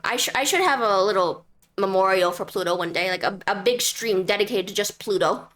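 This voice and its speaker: A woman's voice: medium pitch, fairly quick, a bit bright. A young woman streaming a game, chatting in a goofy, rambling, playful way. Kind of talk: casual game commentary.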